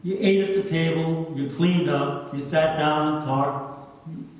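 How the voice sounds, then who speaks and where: Older veteran, nineties, raised man's voice, homespun storyteller, miked from a distance in a booming hall. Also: measured pace. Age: 90s. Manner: plain-spoken, anecdotal, repeats words for emphasis. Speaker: WWII veteran speaker. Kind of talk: storytelling talk. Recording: echoey hall, distant mic.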